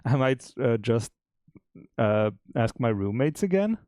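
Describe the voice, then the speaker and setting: A man co-hosting a stream, chatting casually about making a game, relaxed and chuckling, often restarting his sentences. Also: mid-range voice, unhurried, no room sound, clean studio sound. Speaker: game developer and stream co-host.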